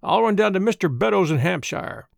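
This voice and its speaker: A man's voice: high voice, expressive, brisk, gravelly, dry recording, clean studio sound, heavily acted. A man voicing a half-drunk, insolent male seaman who blackmails his master, with thick, sulky speech. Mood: sneering. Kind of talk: audiobook character voice.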